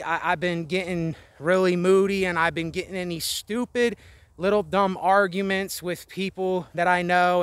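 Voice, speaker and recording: A man's voice: high voice, a bit bright, clear, resonant tone, no echo. A man venting in a rambling, weary, frustrated way, out of breath, recorded outdoors in the wind. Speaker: vlogger. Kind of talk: candid venting monologue. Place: outdoors, windy spot above a road.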